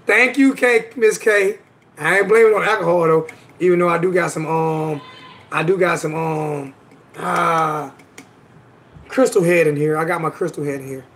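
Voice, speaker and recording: A man's voice: fairly high pitch, steady tone, moderate pace, fairly bright tone. A man hosting a casual livestream chat, talking emphatically in slangy speech and repeating his points. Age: adult with children. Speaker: livestream host.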